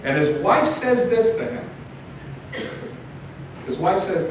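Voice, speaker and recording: A man giving a motivational talk to an audience, telling stories with animated asides. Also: sits high, takes it slowly, long pauses. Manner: storytelling, animated, many asides like "right?". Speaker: motivational speaker. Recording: echoey hall from far off, noisy.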